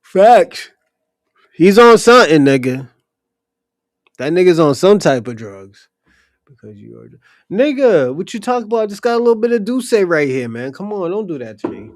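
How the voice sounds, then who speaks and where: A man's voice: high voice, very animated, normal speed, dry recording, studio quality. A man hosting a livestream, talking bluntly and profanely straight to his chatters. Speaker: livestream host answering chat. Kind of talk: casual ranting commentary.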